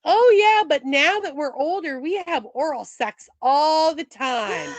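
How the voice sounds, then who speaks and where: A woman's voice: sits high, lively intonation, unhurried, no room sound. A woman doing a cheeky old lady. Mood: deadpan.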